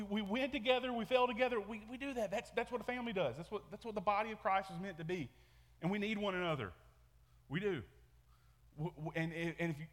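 Male pastor, casual sermon delivery with lots of restarts, slightly high voice, echoey church hall. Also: fairly bright tone. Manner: conversational, repeats words and restarts often. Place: church sanctuary.

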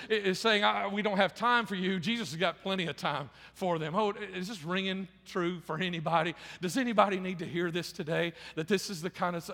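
A man's voice: high voice, a bit bright, long reverb tail. A male pastor preaching a sermon, impassioned, often repeating words and restarting phrases as he builds.

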